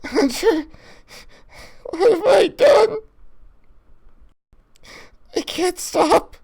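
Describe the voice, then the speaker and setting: A grieving young man racked by need, halting and tearful, his voice swooping up and down and cracking into gravel, as a woman plays him at a gaming table. He drags out his words slowly. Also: high-pitched, animated, a little mellow, heavily acted. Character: young man addicted to a drug, grieving, desperate. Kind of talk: tabletop role-play voice acting.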